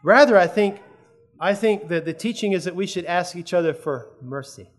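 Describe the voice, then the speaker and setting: A man's voice: high-pitched, normal speed. A man preaching a sermon in an earnest, conversational way, often checking that his listeners follow.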